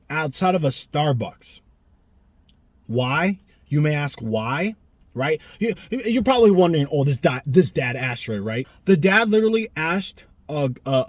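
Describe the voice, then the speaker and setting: A young man ranting sarcastically in an animated vlog monologue, filming himself outdoors near a street. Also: medium pitch, slightly rough, no echo. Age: young adult. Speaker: vlogger. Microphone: camera he films himself with.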